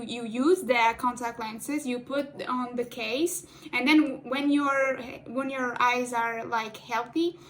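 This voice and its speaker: A woman whose first language is Portuguese chats through her cosplay makeup in a slow, unhurried way. Her voice sits a little high. She rambles, restarts her sentences, and slips into quiet murmured asides, with a faint hiss of room noise behind her. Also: low-quality recording. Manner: rambling, restarts often, drops into soft asides. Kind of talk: casual chat while doing makeup.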